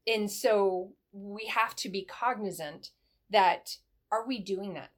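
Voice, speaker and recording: Middle-aged woman, ex-military guest, lively conversational storyteller. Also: medium pitch, slow pace. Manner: animated storyteller, acts out dialogue in a brighter voice. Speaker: guest, former military first sergeant. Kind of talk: conversational advice in an interview.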